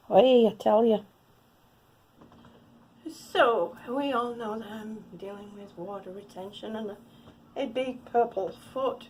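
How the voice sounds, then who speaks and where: A woman's voice: fairly high pitch, unhurried, pauses often, darkish tone. A woman in her fifties chatting through her day at home in a casual vlog, out of breath, laughing often and cooing at her cats. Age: 50s. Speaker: vlogger.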